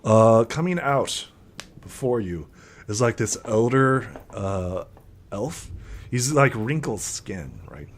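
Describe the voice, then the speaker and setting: A man running a tabletop game, narrating slowly at a mid pitch. He rambles with lots of fillers as he describes the scenes. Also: very animated, a little hiss or hum. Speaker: game master.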